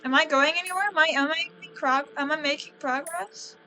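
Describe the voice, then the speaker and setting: A woman's voice: high-pitched, brisk, pushed and bright, a little hiss or hum, low-quality recording. A woman streaming a horror game, exclaiming and swearing when scared, then reading the game's story aloud and stumbling over her words. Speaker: gaming streamer. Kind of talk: horror game let's play with commentary.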